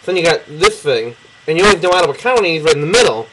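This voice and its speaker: Drawing a map for someone, this young Michigan man answers in a video reply, chattering loosely, cursing, and laughing a lot. He talks at a racing pace in a slightly high voice with big pitch swings, recorded on a close-up camera mic with background noise.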